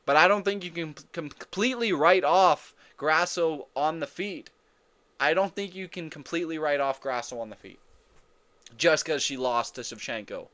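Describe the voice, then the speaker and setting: A man hosting a casual fight breakdown, talking in an excitable, profane way and often repeating and correcting himself. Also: a little high, normal speed. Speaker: MMA fight predictions host.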